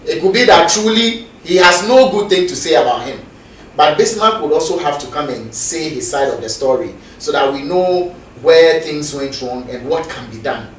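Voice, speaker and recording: A man, co-hosting a studio talk show and arguing a point in a measured way. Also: on the high side. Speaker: co-host. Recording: echoey studio, distant mic, faint noise.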